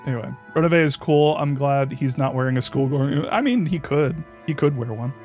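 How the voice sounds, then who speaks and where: A man's voice: medium pitch, normal speed, darkish tone, faint music behind. A man streaming a visual novel, reading its text aloud and commenting casually, swearing freely and laughing often.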